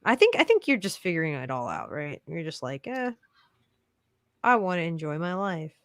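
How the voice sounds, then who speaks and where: A woman's voice: lowish voice, wildly swooping pitch, moderate pace, a bit bright, no echo, clean studio sound. Upbeat chatty woman hosting a livestream. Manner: upbeat, chatty, says "bro" a lot. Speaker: livestream host. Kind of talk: casual livestream Q&A.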